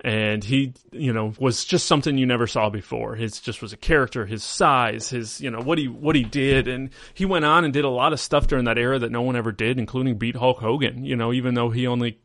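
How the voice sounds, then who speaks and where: Brief: male podcast host, mid-pitched, chatty and loose, close and dry. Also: fairly even intonation, a little fast, hardly any pauses, fairly bright tone, no echo. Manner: rambling, filler-heavy storytelling. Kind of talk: casual chat.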